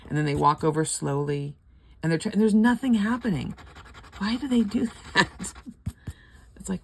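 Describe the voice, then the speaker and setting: A woman's voice: on the low side, very animated, a little fast, creaky, slight background noise. An older woman chatting casually and rambling at home while scratching lottery tickets, laughing often.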